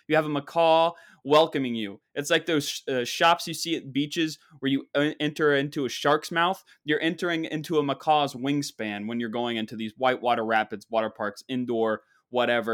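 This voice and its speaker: A man's voice: medium pitch, fairly bright tone. A man hosting a podcast, telling a comedic story in a rambling, sarcastic, mock-boastful way. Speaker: podcast host.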